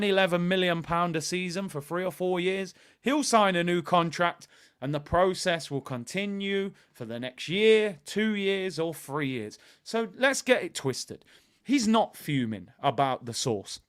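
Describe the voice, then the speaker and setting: A man with a high-pitched voice, talking football on his own channel. He tells stories and rants in a lively, animated way, leaning on everyday analogies to make his point. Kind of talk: casual fan commentary.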